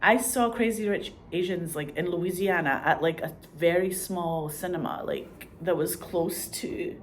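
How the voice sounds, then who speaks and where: A woman's voice: on the low side, measured pace, slight background noise. A woman in casual chat who swears freely and acts out the lines she quotes. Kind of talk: casual chat about TV shows.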